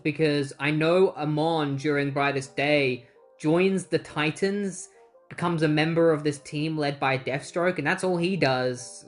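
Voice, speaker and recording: Brief: casual comic recap host, mid pitch, wry and breezy, quick asides. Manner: breezy, wry, swears casually, acts out quotes. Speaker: comic book retrospective host.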